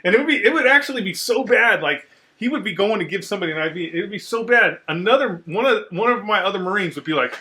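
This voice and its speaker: Man, casual host, bright and forceful tone, swears a lot, animated storyteller. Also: high-pitched, quick pace. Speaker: podcast host, Marine veteran.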